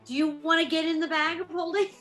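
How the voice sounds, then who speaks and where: A woman's voice: very high voice, steady tone, fast talker, a bit bright, faint music behind. A woman playing a tabletop game, talking in an emphatic, coaxing way. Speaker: player. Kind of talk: tabletop role-play.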